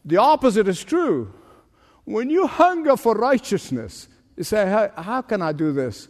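A male pastor preaching with a high-pitched voice. He punches key phrases slowly and lets his pitch swing widely. His voice carries a long reverb from a large hall. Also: big pitch swings, darkish tone. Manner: emphatic preaching with dramatic pitch swings and slow stressed phrases. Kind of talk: sermon.

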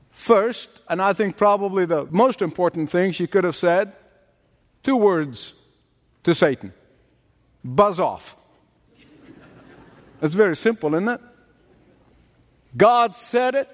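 A man preaching a sermon, emphatic and dramatic, often turning to the listeners directly. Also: sits high. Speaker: pastor. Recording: long reverb in a large hall.

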